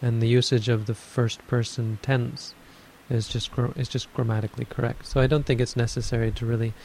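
Gravelly, flat-voiced man teaching meditation. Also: mid-range voice, slight background noise, poor audio. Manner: measured, explanatory, thinks aloud. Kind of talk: dharma talk on meditation.

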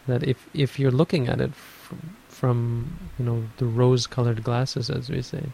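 A man teaches meditation in an unhurried dharma talk, thinking aloud through his points. His voice is gravelly and flat, held close to one level. A faint hiss sits under the recording. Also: medium pitch, rough recording. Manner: measured, explanatory, thinks aloud.

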